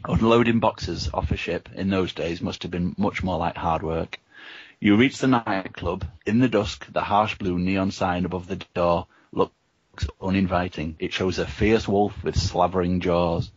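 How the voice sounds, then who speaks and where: Low husky guy reading a choose-your-path book to his mates, dull dry sound. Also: measured pace, dry recording. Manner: steady reading, offers choices. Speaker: reader and host. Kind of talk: reading a gamebook aloud to friends.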